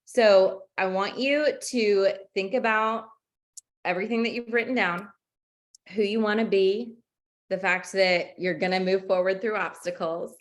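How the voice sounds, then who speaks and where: A woman's voice: mid-range voice, steady tone, measured pace. Upbeat woman coach leading a group call. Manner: encouraging, upbeat, casual. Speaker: coach hosting a community call. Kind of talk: motivational group call hosting.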